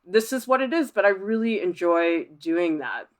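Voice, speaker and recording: A woman art professor hosting a livestream, reading viewer comments aloud and chatting back in a lively, laughing way. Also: mid-range voice, moderate pace. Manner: chatty, animated, laughs often.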